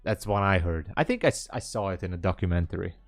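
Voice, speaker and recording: Man, live-stream host, rambling casual chat, low voice, dry close sound. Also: fast talker, no echo, soft background music. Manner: rambling, hesitant, chatting with viewers. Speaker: livestream trading host.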